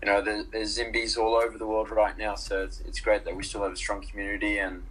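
A young man from Zimbabwe, a rugby player, chatting casually as an interview guest on a call, relaxed and hesitant with many ums. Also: fairly low pitch, quick pace, slightly rough, low-quality recording.

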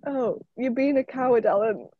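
A woman's voice: fairly high pitch, expressive, normal speed, dry recording, phone-quality sound. A young woman co-hosting a podcast, teasing her friend and laughing in casual chat. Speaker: podcast co-host.

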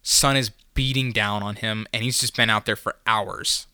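A man's voice: fairly low pitch, steady tone, normal speed, pushed and bright, smooth, no echo, clean studio sound. A young man hosting a solo podcast, telling a rambling, profane, self-mocking story in casual chat.

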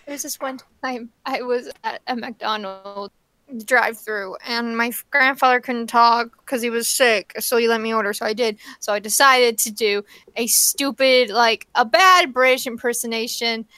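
A woman's voice: a little high, moderate pace, bright, forceful tone, clear, resonant tone, dry recording. A woman co-host in a casual group chat, telling a rambling, self-deprecating story.

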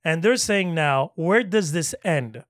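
A man with a slightly higher voice leads a casual conversation. He poses questions and lays out context step by step. The sound is close and dry. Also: expressive, slow pace, dry recording. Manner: steers the talk with questions and sets out the context. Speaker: podcast co-host. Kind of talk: casual chat.

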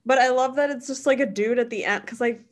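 Easygoing young woman, slightly high voice. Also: quick pace. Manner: easygoing, giggly, agreeable. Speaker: podcast co-host. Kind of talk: casual chat.

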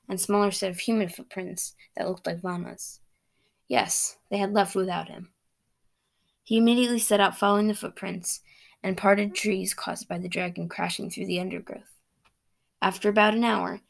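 A young woman reads her own fantasy story aloud on her podcast, steady and casual. Her voice has a noticeable gravelly fry, sitting at an ordinary middle pitch.

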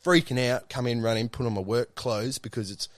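A man's voice: medium pitch, steady tone, fairly quick, background noise. A young Australian man telling a rambling, swear-filled story in a casual chat.

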